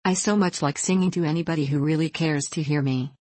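A woman reading the part of an eager, gentle young woman. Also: low-pitched, fairly even intonation, quick pace, no room sound.

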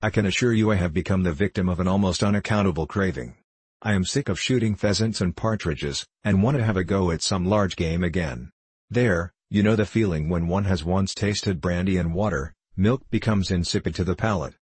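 A man's voice: deep voice, a little fast, breathy edge, dry recording. A man reading as an earnest English baronet. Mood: longing. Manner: earnest, animated. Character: restless hearty English baronet adventurer, man.

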